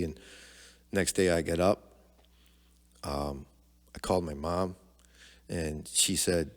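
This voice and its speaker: A middle-aged man with a very low voice tells a personal story in a candid, conversational way. He slips into the voices of the people he quotes, and the recording carries a long, lingering reverb. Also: fairly even intonation, measured pace, pauses often. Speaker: podcast guest, father of the host.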